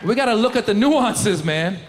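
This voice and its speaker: A man doing a stand-up comedy set, animated, slipping into loud impressions of the people in his jokes. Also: sits high, normal speed, some chatter behind, a little hiss or hum. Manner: animated, jumps into shouted impressions. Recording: live show in a large hall.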